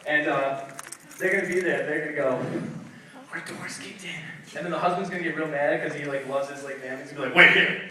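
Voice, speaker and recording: A man's voice: a little high, steady tone, very fast. Young man doing stand-up in an echoey room. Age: young adult. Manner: storytelling, acts out voices with loud outbursts. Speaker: stand-up comedian. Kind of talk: stand-up comedy set. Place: comedy night venue, audience laughing. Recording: echoey room, distant mic, noisy.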